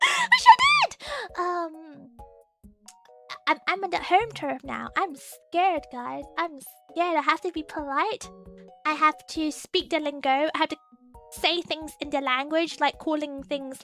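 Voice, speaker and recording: A giggly, excitable woman chats with her viewers as a stream host. Her voice is very high and bright, swooping up and down. Soft music plays faintly behind her. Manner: giggly, excitable, talks to chat. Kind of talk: casual chat with live chat.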